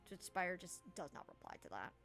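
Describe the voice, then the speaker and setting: A woman narrating a tabletop game as game master, casual and quick to laugh at herself. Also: lowish voice, very animated, fairly bright tone, soft background music. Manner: laughing, self-deprecating, casual.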